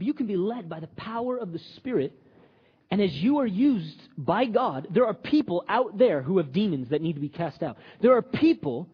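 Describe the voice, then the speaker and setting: A man preaching with a high, very lively voice that leaps up and down as he jokes and talks to the crowd. His tone is a little husky, and the sound is muffled, with a long reverb tail from a large hall. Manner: animated, joking, conversational preaching. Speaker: pastor. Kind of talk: sermon.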